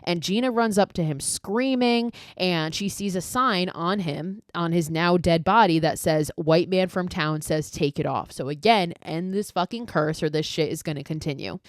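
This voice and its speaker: Chatty low-voiced woman podcaster. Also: moderate pace, few pauses, dry recording, clean studio sound. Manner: chatty, profane, heavy use of "like". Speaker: podcast host. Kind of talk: casual film recap.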